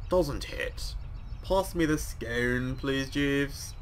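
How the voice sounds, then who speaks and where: A man voicing a pompous upper-class gentleman with a put-on English accent, drawling slowly. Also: medium pitch, slight background noise. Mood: haughty.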